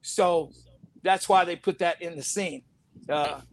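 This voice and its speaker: Animated high-voiced man telling stories. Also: slow. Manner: animated storyteller, laughs often, acts out quotes. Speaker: interview guest, actor. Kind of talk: casual storytelling interview.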